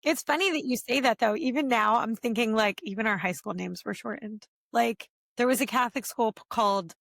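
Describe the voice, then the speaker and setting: A woman from Delaware County, Pennsylvania, co-hosts a casual chat over drinks with quick, animated reactions and frequent laughs. Her voice is a little high and carries plenty of vocal fry. The recording is close and dry. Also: dry recording. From Delaware County, Pennsylvania, USA. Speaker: podcast co-host.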